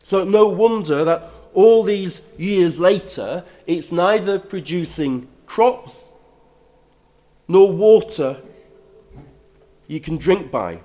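An older man preaching a sermon, reading scripture aloud and then explaining it in a measured way that grows emphatic. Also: high voice, expressive, warm tone.

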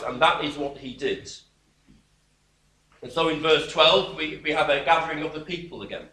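A male preacher with a bright, fairly high voice delivers a sermon that expounds scripture. He is emphatic and wry. His voice rings around an echoey room and sounds distant from the mic. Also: moderate pace. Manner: emphatic and expressive, with wry dismissive asides.

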